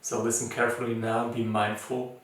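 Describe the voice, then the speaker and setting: A man with a non-native English accent, leading a mindfulness challenge as its teacher in an informal, gentle talk full of fillers and restarts. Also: mid-range voice, little pitch movement, normal speed. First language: not English. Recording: echoey room, voice from far off.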